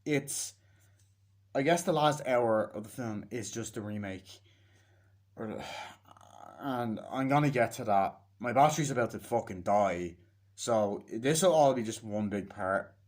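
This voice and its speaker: A man recording his own casual movie review, talking in loose, rambling bursts. He swears constantly and keeps breaking into put-on voices to replay scenes. His voice sits at an ordinary middle pitch. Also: measured pace, darkish tone. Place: self-recorded on a battery-powered device.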